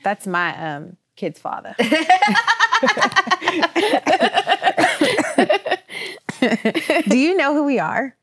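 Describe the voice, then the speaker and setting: A woman's voice: medium pitch, big pitch swings, moderate pace, few pauses. A woman hosting her podcast in a casual chat, blunt and chatty, swearing freely as she talks. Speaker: podcast host.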